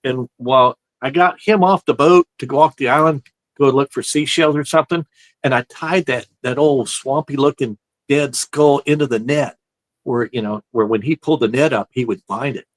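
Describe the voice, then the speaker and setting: A man's voice: mid-range voice, normal speed, no echo. A man telling a long prank story in a casual, rambling chat, looping back with "so anyway" between beats. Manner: rambling, animated anecdote-telling with "so anyway" asides. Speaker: show guest telling stories.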